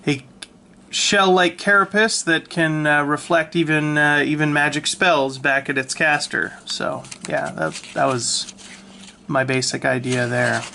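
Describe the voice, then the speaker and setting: A man casually talking through his old sketchbook, relaxed and self-mocking, with lots of ums and restarts, recorded on a handheld camera. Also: mid-range voice, gravelly, slight background noise. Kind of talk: casual rambling commentary. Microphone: handheld camera mic.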